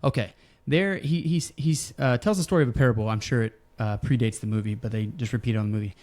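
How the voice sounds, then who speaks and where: A man's voice: mid-range voice, quick pace. Man casually telling a story. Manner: storytelling, relaxed, with fillers. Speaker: podcast host. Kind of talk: casual wrestling podcast chat.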